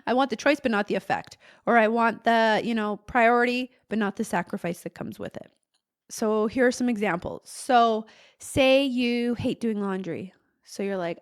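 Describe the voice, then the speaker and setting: A woman's voice: a little high, normal speed. A young adult woman hosting a casual solo podcast as a therapist, talking conversationally and acting out frustrated inner voices. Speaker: podcast host and ADHD therapist.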